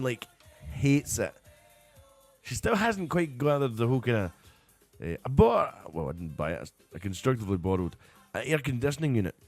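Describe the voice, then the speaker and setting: A man's voice: mid-range voice, darkish tone, no echo. A Scottish man hosting a live radio stream in casual, rambling chat, often breaking into giggles, and a little tired. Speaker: radio show host.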